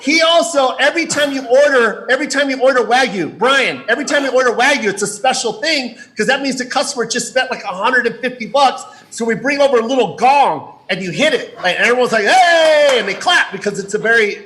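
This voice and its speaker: A man, a guest comedian, teasing the host loudly with lots of laughter on a live podcast stage. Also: very high voice, fast talker, hardly any pauses, poor audio. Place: live stage before an audience.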